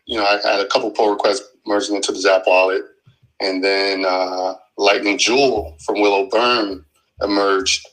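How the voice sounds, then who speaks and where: A man casually telling how he got into software development, with lots of fillers and restarts, on an audio chat app stream. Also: fairly low pitch, rough recording. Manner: relaxed, rambling with many fillers. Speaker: guest developer.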